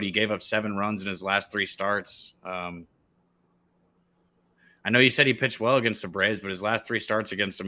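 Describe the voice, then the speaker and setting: A man's voice: fairly low pitch, sharp tone. A man giving blunt betting takes as a guest analyst in casual talk, teasing the host.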